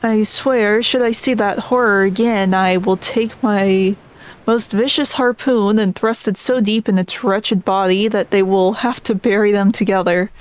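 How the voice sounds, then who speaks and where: In her own everyday voice, a woman plainly reads game dialogue for a grim old fisherman seeking revenge, faltering on some words. She has a mid-range, natural voice with fairly even intonation and no echo.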